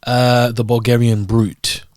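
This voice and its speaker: A man's voice: mid-range voice, little pitch movement, slow pace, darkish tone, a little hiss or hum. A man from Scotland co-hosting a podcast, chatting casually about food and then presenting boxing news. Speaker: podcast co-host. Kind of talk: casual chat.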